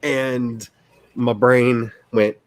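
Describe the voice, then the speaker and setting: A man's voice: medium pitch, fairly even intonation, drawn-out words, no room sound. A man hosting a casual livestream as an author, rambling and self-deprecating, who laughs often and restarts his sentences.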